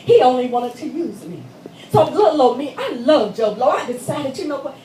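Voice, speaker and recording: A woman performs a dramatic monologue, telling her story emphatically and addressing listeners like friends. Her high voice rings around a reverberant church hall, captured from a distance with faint ambience underneath. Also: very animated, moderate pace, warm tone, a little hiss or hum. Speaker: stage performer. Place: church meeting room.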